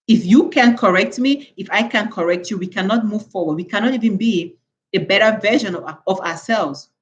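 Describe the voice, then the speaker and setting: A woman's voice: medium pitch, normal speed, highs cut off, a little hiss or hum. A woman from Cameroon hosting a live stream, lecturing her viewers in an emphatic way and repeating words for stress. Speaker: channel host.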